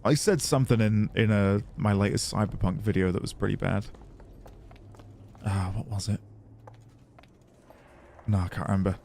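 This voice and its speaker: A man's voice: on the low side, steady tone, normal speed, vocal fry, pauses often, a little mellow, slight background noise. A man streaming a video game, chatting loosely with his viewers, rambling and laughing often. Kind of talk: casual gaming livestream chat.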